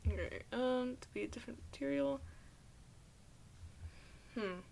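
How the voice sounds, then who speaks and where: A woman's voice: high-pitched, measured pace, vocal fry, darkish tone, a little hiss or hum. A young woman playing a game, reading its narration aloud and tripping over words as she goes. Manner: stumbles and restarts words while reading. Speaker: game streamer.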